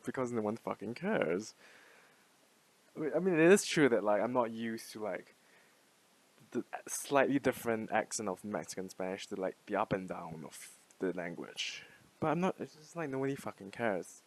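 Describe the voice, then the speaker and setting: A man's voice: medium pitch, animated, moderate pace. A young man in his twenties talking through an unscripted casual monologue, rambling with lots of fillers, casual swearing and frequent laughs. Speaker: language-learning vlogger.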